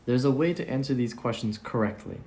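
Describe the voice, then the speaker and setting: A man voicing an old-fashioned male vampire who speaks in a measured, formal, pedantic way. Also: mid-range voice, warm tone, close to an everyday voice. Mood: lecturing. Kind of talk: amateur audio drama.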